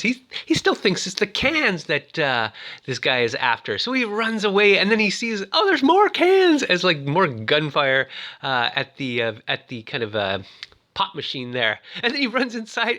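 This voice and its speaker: Chatty man with a lively, bright voice. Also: fairly high pitch. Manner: chatty, many "uh" fillers, shouts out quoted lines. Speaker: toy reviewer retelling a film. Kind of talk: casual story recap.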